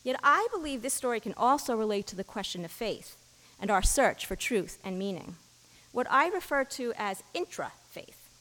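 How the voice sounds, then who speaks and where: A woman's voice: a little high, very animated, bright, forceful tone. Woman preaching in a reverberant church. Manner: measured storytelling, giving the blind men brief quoted lines. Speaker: interfaith minister giving a sermon. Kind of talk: sermon with a story read aloud.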